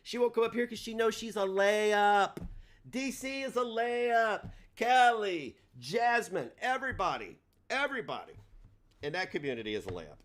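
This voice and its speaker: A man hosting a livestream, ranting in a combative, profane way, his delivery swinging between loud and soft. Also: high-pitched, big pitch swings, normal speed. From United States. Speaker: livestream host.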